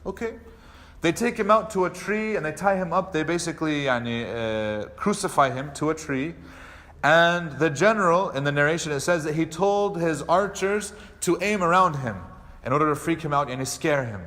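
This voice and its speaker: A man delivers a mosque lecture as a storyteller, his voice sitting a little high for a man. He acts out the characters' lines with animated delivery. The hall around him carries a long, lingering reverb. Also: moderate pace. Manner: animated storyteller acting out quoted speech. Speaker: imam.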